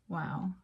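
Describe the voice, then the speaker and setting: A woman giving a casual tarot card reading, chatty and emotional, sometimes dropping into breathy half-whispers. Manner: chatty and emotional, with frequent fillers and soft laughs. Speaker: tarot reader.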